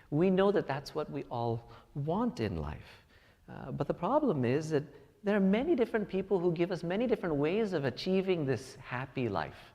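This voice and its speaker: A man preaching to a congregation in a large hall with a long trailing reverb. His pitch swings widely as he tells personal stories and climbs to emphatic points. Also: sing-song, moderate pace, a little mellow. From United States. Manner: storytelling, rising to emphatic peaks. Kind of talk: sermon.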